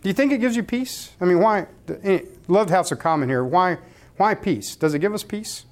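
A man's voice: high-pitched, expressive, brisk. A man in his forties giving a candid, personal conversational sermon and asking his listeners questions. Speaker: speaker leading a church group.

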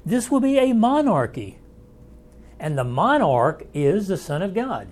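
Folksy, slightly high-voiced male Bible teacher. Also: sing-song, a little slow, a little mellow. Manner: folksy, conversational, thinks aloud and invites questions. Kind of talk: Bible study lecture.

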